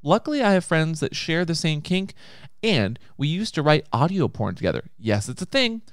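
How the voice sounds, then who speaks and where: Man, mid pitch, lively teasing reader, dry close sound. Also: no echo. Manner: animated, teasing, quick asides. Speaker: podcast co-host. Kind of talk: reading listener submissions, casual chat.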